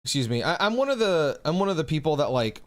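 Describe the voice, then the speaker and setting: A man's voice: a little high, sing-song, quick pace, fairly bright tone. A man streaming live who chats casually with his audience in a laid-back way, swearing often and calling people bro.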